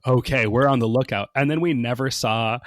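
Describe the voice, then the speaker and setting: A man's voice: mid-range voice, a little fast, no echo. A man sits close to a dry, deadened microphone and tells a loose, rambling story in a mid-range voice. He fills gaps with "like" and "um" and briefly acts out each person he quotes. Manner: chatty, many fillers, acts out quoted people. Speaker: podcast guest. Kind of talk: casual storytelling on a podcast.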